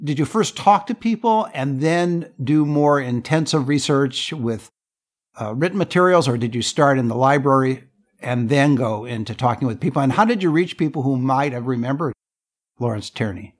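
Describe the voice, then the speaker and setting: Male podcast host, average pitch, asks long, rephrased interview questions. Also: moderate pace.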